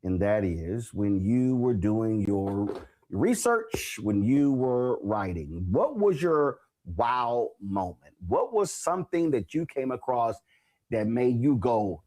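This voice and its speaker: Brief: US male host, very expressive pitch, retells scenes with voices. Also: slow pace. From United States. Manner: animated storyteller, acts out remembered exchanges. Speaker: talk show host. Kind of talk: interview.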